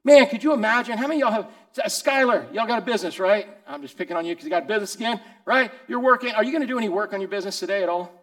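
High-voiced joking pastor in his sixties. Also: expressive, rapid-fire, hardly any pauses. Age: 60s. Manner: teasing, conversational, asks the group questions. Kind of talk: casual sermon to a small group.

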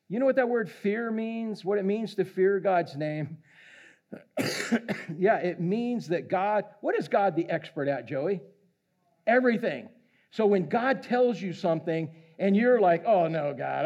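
A man's voice: high-pitched, darkish tone. A middle-aged man preaching a casual, conversational sermon, joking with and calling out people in the congregation. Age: middle-aged or older. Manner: conversational, jokey, calls out listeners. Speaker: pastor. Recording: dull lo-fi sound.

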